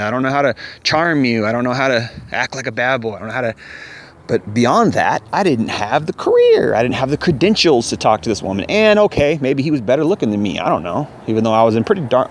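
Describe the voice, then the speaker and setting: A man's voice: medium pitch, a little hiss or hum. A man telling a personal story in casual, rambling vlog style, candid and profane, repeating himself as he goes. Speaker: vlogger.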